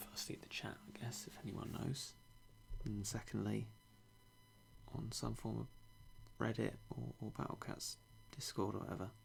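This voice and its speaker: A young British man streaming a game, talking in a hushed, half-whispered way with dry self-mocking humour. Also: fairly low pitch, gravelly, a little hiss or hum. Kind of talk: quiet live-stream game commentary.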